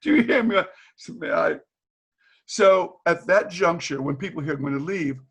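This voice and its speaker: His voice is high and slightly rough, his pace moderate. He's an older Boston man, once a teacher, appearing as a guest on a video call where he tells candid stories with lively energy, voicing the people he quotes and laughing a lot.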